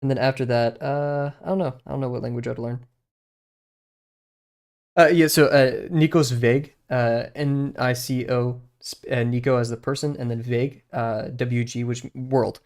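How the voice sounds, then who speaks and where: A man's voice: medium pitch, flat delivery, normal speed, darkish tone. Young man chatting while he draws. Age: young adult. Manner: rambling, many fillers, muttering while sketching. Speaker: streamer drawing live. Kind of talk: casual chat while drawing.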